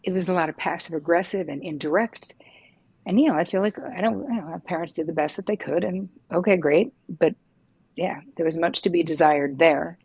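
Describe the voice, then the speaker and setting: Husky, frank middle-aged woman. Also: on the low side, a little fast. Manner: frank, lively, swears casually. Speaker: psychotherapist guest. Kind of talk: candid conversational storytelling.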